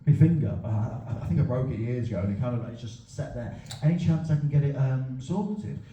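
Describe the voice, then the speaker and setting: A man's voice: mid-range voice, a little fast, mellow, a little hiss or hum. A man from Grimsby, telling rambling, self-deprecating stories on stage as a stand-up comedian. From Grimsby, England. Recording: roomy venue sound from a distance, dull.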